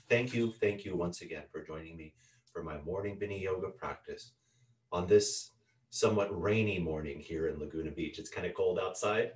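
A male yoga teacher guiding breathing exercises, calmly counting each breath in and out. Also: low voice. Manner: calm, unhurried counting of breaths. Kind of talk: guided yoga breathing instruction. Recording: roomy sound from a distant mic with a loud ticking metronome. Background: metronome clicking once a second.

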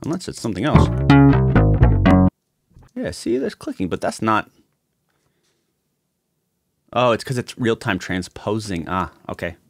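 A man's voice: fairly low pitch, wildly swooping pitch, measured pace, creaky, long pauses, no echo. A man chatting casually on a livestream while producing music, muttering to himself, swearing and mocking himself. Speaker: music producer streaming a session. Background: music from the session.

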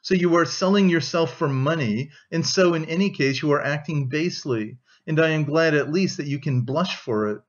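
A man reading an audiobook, voicing a bitter young man who speaks gravely and dryly. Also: on the high side, normal speed, few pauses, lo-fi sound, lightly acted. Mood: scornful. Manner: grave, dry, scornful.

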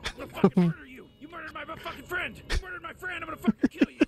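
An actor voicing a dim-witted, angry male street thug who shouts and repeats himself. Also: extremely high pitch, steady tone, fast talker, over music. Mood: enraged.

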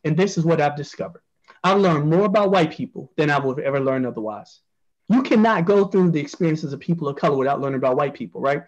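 A man's voice: fairly high pitch, expressive, fast talker, highs cut off. An American man, a journalist speaking as a panel guest, earnestly answering and repeating phrases for emphasis. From United States.

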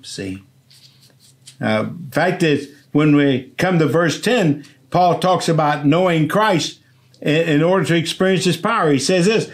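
An older male pastor delivers a sermon at an unhurried, deliberate pace. His voice sits a little high for a man, and he speaks in an earnest, repetitive way, checking in with his listeners. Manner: slow, earnest, repeats "see" and "does that make sense".

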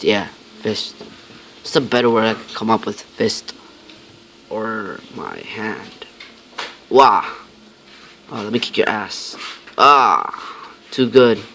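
A man's voice: lowish voice, vocal fry, fairly bright tone, a little hiss or hum. Rambling young-sounding male gameplay commentator. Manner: rambling, self-talking, frequent fillers, mock-tough lines.

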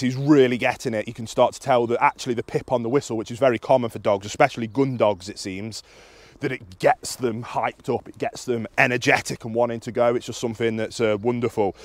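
A young man walks viewers through a dog training session in an open field. He speaks at an everyday middle pitch, calm and practical, switching to high excited praise when the dog comes back. The sound is dry, with little room echo. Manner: explains calmly, then bursts into high excited praise for the dog. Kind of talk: outdoor training demonstration.

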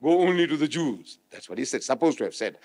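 A man from South Africa giving a public religious lecture, switching between loud rhetorical questions and quiet explanation. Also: medium pitch, sing-song, quick pace. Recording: echoey hall, old remastered recording.

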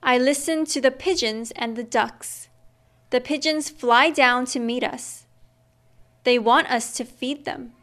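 Slow, high-voiced woman reading a picture book. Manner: slow, gentle reading with sound effects. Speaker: storyteller. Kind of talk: children's picture book read-aloud.

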